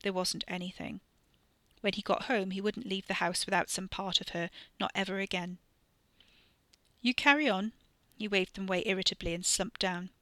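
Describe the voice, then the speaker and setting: A woman narrating a novel in a steady, even storytelling voice. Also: mid-range voice, a little fast, no echo. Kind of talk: audiobook fiction reading.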